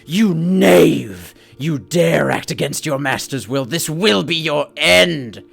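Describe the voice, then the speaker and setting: A man voicing an unseen master who speaks as an airy voice on the wind, booming and commanding. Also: expressive, takes it slowly, creaky, a bit bright, breathy edge, exaggerated voice. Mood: furious.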